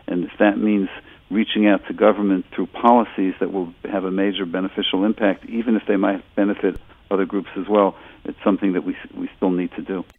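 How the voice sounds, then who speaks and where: A man with a very low voice gives a talk, restarting his phrases often as he searches for words. The sound is thin and phone-like, as if played through a narrow speaker. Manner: halting, many restarts. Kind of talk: public speech. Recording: tinny phone-like audio.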